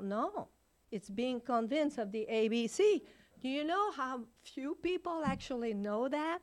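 Frank older woman with a high voice. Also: animated, unhurried. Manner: frank, blunt, laughs often. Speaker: recovery speaker. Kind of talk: recovery meeting share.

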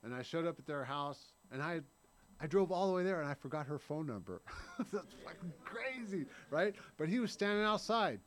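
A man's voice: fairly high pitch, expressive, moderate pace, a bit bright. A man in his thirties giving an earnest, blunt personal recovery share at a meeting, often tagging his lines with "right?" and swearing now and then. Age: 30s.

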